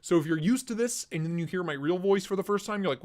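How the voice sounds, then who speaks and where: On a live stream, a young man talks casually through a voice changer that makes him sound a touch high, with a darkish tone. He speaks fast, moving loosely between product talk and chat replies. Easygoing and chatty, he reads chat aloud and laughs.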